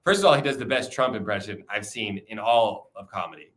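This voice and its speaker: A man's voice: fairly low pitch, lively intonation, fairly quick, fairly bright tone. A young man chatting casually on a livestream, loose and profane, rambling with frequent restarts. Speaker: streamer.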